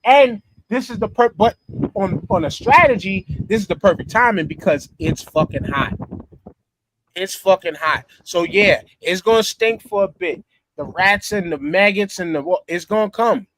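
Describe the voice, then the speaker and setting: A man's voice: high-pitched, moderate pace, fairly bright tone, slight background noise. A man co-hosting a podcast in casual chat, emphatic and cursing freely, who repeats his points. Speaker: podcast co-host.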